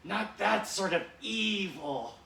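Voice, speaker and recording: A man's voice: high voice, expressive, slow, gravelly, sharp tone, a little hiss or hum, pitched above the performer's own voice, exaggerated voice. A man voicing a pompous male villain leader who scolds in a lofty, theatrical way. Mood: scolding. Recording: echoey room, distant mic.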